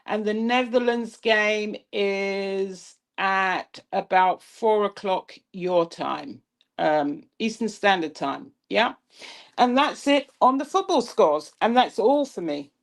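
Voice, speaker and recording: A woman co-hosting a political live stream. She takes her time over every phrase, slow and deliberate, at a middling pitch. Her delivery stays pointed and measured. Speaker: co-host.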